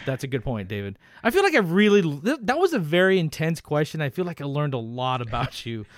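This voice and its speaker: A man's voice: a little high, sing-song, brisk, no room sound, clean studio sound. A man co-hosting a casual podcast, telling stories animatedly with laughs and swearing. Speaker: podcast co-host. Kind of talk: casual chat.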